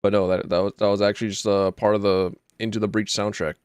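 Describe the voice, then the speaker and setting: A man's voice: on the low side, little pitch movement, fast talker, clean tone, no echo, clean studio sound. A man streaming a video game, chatting casually and rambling with jokey, self-deprecating asides. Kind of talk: casual gaming stream chat.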